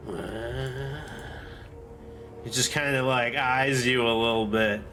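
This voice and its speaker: A man narrating as game master of a tabletop game, talking slowly with plenty of fillers. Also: mid-range voice, steady tone, over music. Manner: slow, drawn-out narration with fillers.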